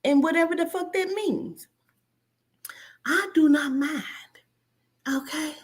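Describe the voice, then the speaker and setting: A woman. She is brash, mocking and freely profane, and her voice sits a little high. She talks at an unhurried pace. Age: 40s. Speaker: commentary host. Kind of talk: casual reaction commentary.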